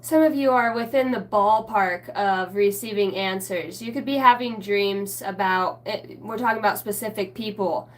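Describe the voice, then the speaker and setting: A woman's voice: medium pitch, normal speed, few pauses. A woman giving a casual livestream spiritual reading. She rambles, trails off mid-thought and swears now and then. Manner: self-mocking aside, often trailing off mid-thought. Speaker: spiritual reader answering viewers live.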